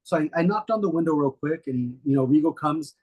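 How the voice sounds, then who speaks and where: A middle-aged man, a guest, telling stories in a relaxed, rambling way with many fillers. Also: a little high, a little fast, slightly rough, lo-fi sound. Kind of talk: casual storytelling interview.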